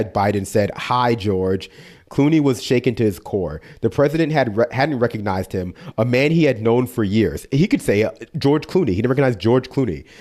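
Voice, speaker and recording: A man's voice: lowish voice, mellow. A man streaming, reading an article aloud and breaking off for sarcastic, casual asides.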